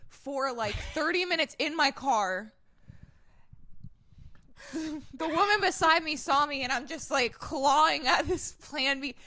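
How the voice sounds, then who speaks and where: A woman's voice: high voice, slow pace, long pauses, bright, forceful tone. A woman in her twenties co-hosting a casual podcast, chatty and giggly with lots of fillers, sounding sleep deprived. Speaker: podcast co-host. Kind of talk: casual chat.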